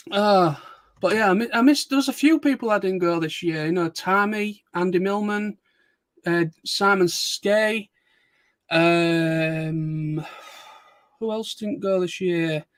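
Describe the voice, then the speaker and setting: High-voiced man telling rambling stories. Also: no echo, clean studio sound. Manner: rambling, laughing storyteller with frequent restarts. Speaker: streamer. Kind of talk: casual chat.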